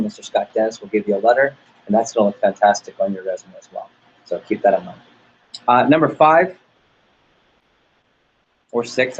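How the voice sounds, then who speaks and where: A man's voice: on the low side, darkish tone, highs cut off, a little hiss or hum. A man leading a sales team training talk, upbeat and motivational, acting out little dialogues as he goes. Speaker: sales office manager.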